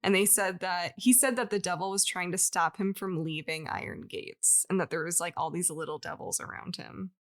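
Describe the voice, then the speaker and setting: Her voice sits fairly low, and she talks at a normal pace with hardly any pauses. As a podcast co-host, she tells a story in chatty, casual conversation, laughing often and dropping lots of "like" and other fillers.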